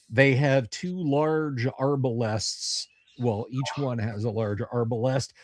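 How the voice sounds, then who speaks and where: A man runs a tabletop game on a livestream, laying out the scene slowly and with plenty of pauses and fillers. His voice sits mid-range and sounds close and dry, with no room around it. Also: medium pitch, a little mellow, no room sound. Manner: halting, many ums, deliberate descriptions. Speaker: dungeon master.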